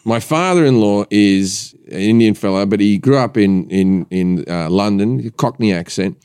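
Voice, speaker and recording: A comedian telling stories on a podcast in an animated, profane way, slipping into quick voices for the people in them. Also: male voice, on the low side, smooth. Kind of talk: comic storytelling.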